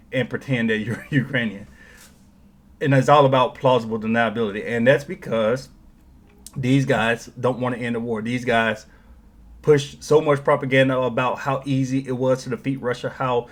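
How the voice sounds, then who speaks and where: Man, sarcastic commentary monologue, mocking tone, mid-pitched voice. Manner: sarcastic, mocks opponents in put-on quotes. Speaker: political commentary host.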